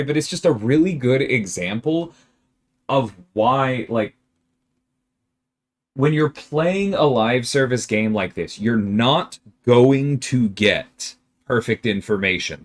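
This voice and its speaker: A man streaming a game and answering viewer questions in casual chat, emphatic and exasperated at times. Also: medium pitch. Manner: animated, emphatic, exasperated rants with laughter; reads viewer questions aloud and answers them.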